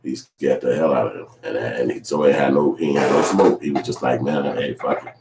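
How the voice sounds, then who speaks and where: A man's voice: rumbling low, brisk, creaky, roomy sound, noisy background. Blunt, profane man. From Chicago. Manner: profane, blunt, animated storytelling. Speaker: YouTube commentator. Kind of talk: casual commentary vlog.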